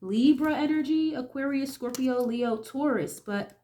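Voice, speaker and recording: Young woman doing a chill tarot reading, stuffy nose from a cold, kinda high voice, says okay a lot. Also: a little slow, warm tone. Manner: chatty, keeps asking okay, swears casually. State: getting over a cold, nasal and sniffly. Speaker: tarot reader.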